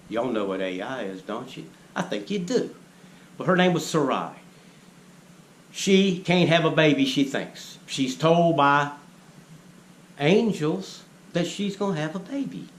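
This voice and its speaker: A man giving a preachy monologue, lecturing the viewers and firing rhetorical questions at them. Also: mid-range voice. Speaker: vlogger. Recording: echoey room with faint ambient noise.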